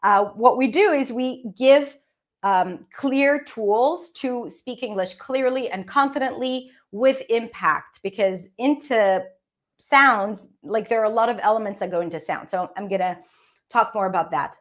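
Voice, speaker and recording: A woman's voice: fairly high pitch, a little slow. A woman with an Israeli accent, a native Hebrew speaker, teaching English pronunciation and fluency and checking in often with "okay?" and "right?". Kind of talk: teaching presentation.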